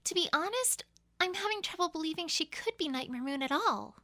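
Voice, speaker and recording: An earnest young unicorn mare, voiced by a woman, very high-pitched and lively, with a dry, close sound. She rambles nervously in a fan audio drama. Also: a little fast, no room sound, heavily acted. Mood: anxious.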